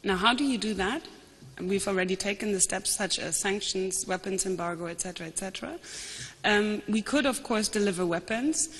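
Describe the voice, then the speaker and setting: A woman panelist giving an analytical, measured conference talk, often restarting her sentences. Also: mid-range voice, fairly bright tone, slightly rough. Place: large conference hall. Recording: long hall reverb.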